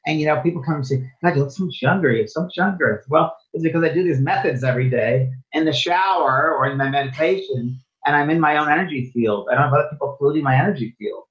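A man being interviewed as a spiritual medium and teacher, talking earnestly and often repeating or restarting his phrases. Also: mid-range voice. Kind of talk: casual interview chat. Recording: dull, lo-fi sound.

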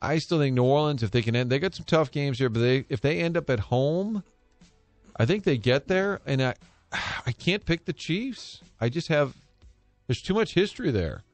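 A man co-hosting a talk show, relaxed and joking, thinking his football picks through out loud. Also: fairly high pitch, moderate pace, no echo, faint music behind. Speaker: show co-host. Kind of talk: casual sports chat.

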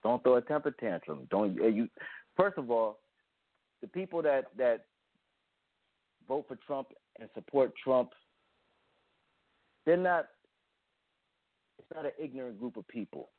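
A man calling in to a talk radio show, speaking haltingly and searching for words. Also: mid-range voice, animated, dry recording. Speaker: caller. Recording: phone line, dry.

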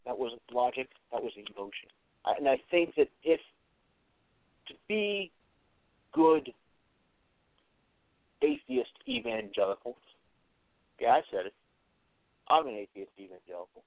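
A man's voice: medium pitch, wildly swooping pitch, measured pace, vocal fry, long pauses, no room sound. A man hosting a show, speaking in an earnest, reflective solo monologue, with short repeated phrases and frequent hesitations. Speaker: host of an atheist commentary show. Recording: tinny phone-like sound, dry.

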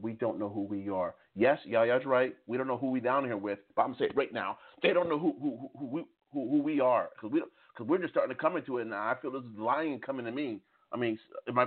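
Fervent man in his fifties on a tinny phone line. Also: mid-range voice. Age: 50s. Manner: fervent, repeats words and restarts. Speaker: participant. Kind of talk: preachy call-in talk. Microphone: phone call.

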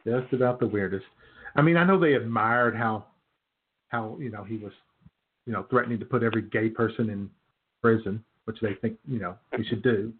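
A man's voice: on the low side, fairly quick, slightly rough. A man co-hosting a podcast in casual chat, sardonic and chuckling, with lots of fillers. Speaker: podcast co-host. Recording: phone-like narrow band.

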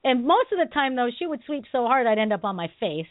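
A woman martial arts instructor co-hosting a radio talk show, telling stories in an animated way with frequent laughs and fillers. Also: a little high, fast talker, no room sound. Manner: animated storytelling, laughs often, many fillers. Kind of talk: casual radio chat. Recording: dry, tinny phone line.

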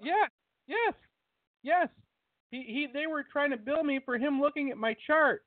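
A man's voice: extremely high pitch, lively intonation, a little slow, no echo. A man co-hosting a podcast, telling a story in a heated, profane way during casual chat. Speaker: podcast co-host. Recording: tinny phone-like line, dry.

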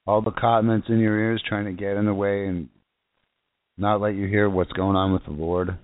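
Fervent preacher on a phone line. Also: male voice, on the low side, flat delivery, moderate pace, dry recording. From South Florida. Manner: fervent, rambling, restarts a lot. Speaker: internet radio preacher. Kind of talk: informal sermon. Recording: tinny phone-line sound.

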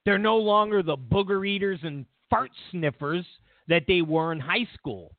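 His voice sits high and expressive, moving at a moderate pace without echo. The man hosts his own show, mocking the news with casual sarcasm in a political commentary rant. Audio sounds tinny and dry, as if over a phone.

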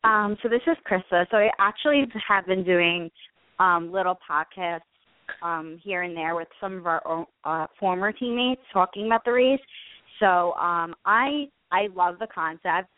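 A woman from Staten Island with a New York accent, a guest on a call-in interview, upbeat and quick. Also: fairly low pitch, dry recording. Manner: quick, upbeat, laughs often. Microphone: phone. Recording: tinny phone line.

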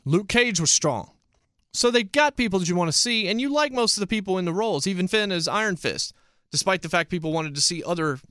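A man casually reviewing a TV series, talking in an emphatic, animated way. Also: high-pitched, no echo, clean studio sound.

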